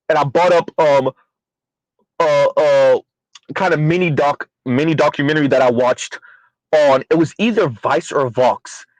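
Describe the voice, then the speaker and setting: Guy rambling on a commentary stream, lots of ums and uhs, kinda high voice. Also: a little mellow, no room sound, rough recording. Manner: rambling, filler-heavy, talks to chat; refers to himself in third person. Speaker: commentary channel host. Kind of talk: casual livestream commentary.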